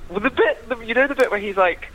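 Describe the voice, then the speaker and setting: A young man chatting as a podcast guest, animated, laughing and swearing freely. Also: extremely high pitch, fast, background noise. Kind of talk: casual chat.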